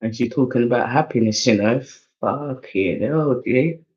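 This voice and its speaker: A medium-pitched male voice with a darkish tone moves at normal speed. He reads oracle cards in a relaxed tarot-style way, English accent laced with London slang, veering from hype to mumbling. The sound is slightly dull and lo-fi.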